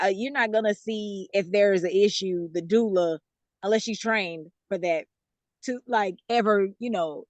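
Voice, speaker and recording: A talkative woman with a light Southern US accent answers interview questions at an ordinary, mid-height pitch. She explains things loosely, with plenty of fillers and easy laughter. The sound is dry and close, with no room echo. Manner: chatty, laughs often, explains with many fillers. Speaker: guest author.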